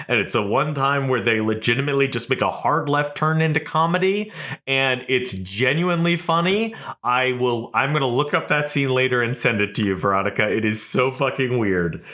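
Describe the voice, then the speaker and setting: Animated man reviewing films. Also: mid-range voice. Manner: animated, swearing, joking movie reviewer. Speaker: podcast co-host. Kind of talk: casual chat.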